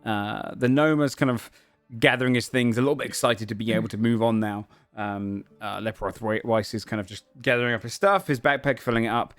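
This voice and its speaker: A man's voice: medium pitch, steady tone, a little fast, few pauses, dry recording, soft background music. A man narrating a tabletop game as game master, speaking casually and filling his lines with "um" and "kind of". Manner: casual, many fillers and hedging "kind of".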